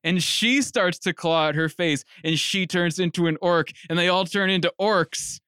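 Young man spinning a comedy movie pitch, higher voice, smooth and dry, acts out bits. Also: moderate pace, no room sound. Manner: animated storytelling, acts out quotes. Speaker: podcast co-host.

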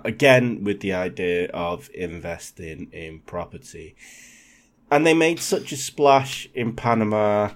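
A man from England telling a true crime story on a podcast in a casual, swearing, animated way. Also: lowish voice. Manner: swearing, animated, laughs often.

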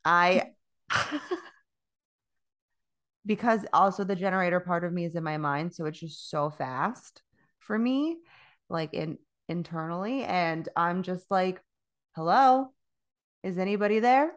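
A woman's voice: lowish voice, unhurried, pauses often, fairly bright tone. A woman co-hosting a casual chat, candid and profane, often laughing as she talks. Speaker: podcast co-host.

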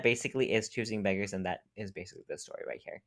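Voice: low-pitched, lively intonation, fast talker. A young adult podcast co-host telling a casual story in a rambling way, with lots of "like" and frequent laughter.

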